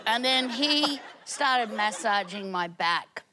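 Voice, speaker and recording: A woman on a comedy panel show tells a rambling story at an unhurried pace, her voice bright and a little high. She keeps laughing and shouting out the quoted lines, and a studio audience murmurs behind her. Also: animated, a faint crowd, slight background noise. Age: older. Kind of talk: comic storytelling.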